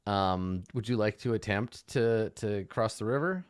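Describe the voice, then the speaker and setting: A man's voice: fairly low pitch, unhurried, smooth, no room sound, studio quality. Young man running a tabletop game. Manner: rambling, many restarts, explains rules. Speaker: game master.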